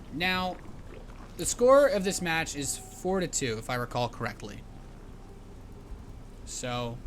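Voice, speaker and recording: A man casting a live match in a bright, forceful voice that sits a little high. He talks in a chatty, rambling way, full of fillers and restarts, with faint noise behind him. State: hiccups. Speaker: esports caster. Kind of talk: live game commentary.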